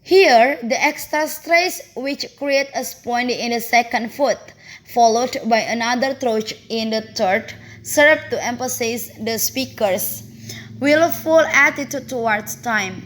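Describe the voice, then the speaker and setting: A woman presents a prepared analysis of a poem, taking her time over it. Her voice sits a little high, and she pauses, stumbles and corrects herself as she reads. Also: fairly bright tone. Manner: careful, halting delivery with fillers and self-corrections. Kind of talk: reading a prepared poetry analysis.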